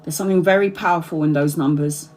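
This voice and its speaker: A woman's voice: low-pitched, fast, a little mellow, faint music behind. A woman in her forties, a tarot reader chatting casually to subscribers on a livestream, rambling, repeating herself and laughing often. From Brazil. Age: 40s.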